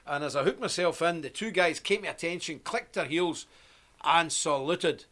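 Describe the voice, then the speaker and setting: A man hosting a casual live stream, spinning a long personal anecdote in a loose, talkative manner. His speaking voice sits a little higher than most men's. He breaks off to welcome viewers one by one. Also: normal speed, fairly bright tone. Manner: chatty and anecdotal, greeting viewers by name.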